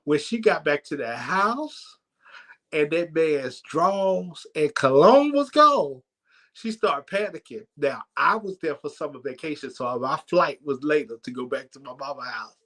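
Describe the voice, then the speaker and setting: Animated man telling a church comedy story. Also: fairly high pitch, unhurried. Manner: animated, laughs while telling. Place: church sanctuary.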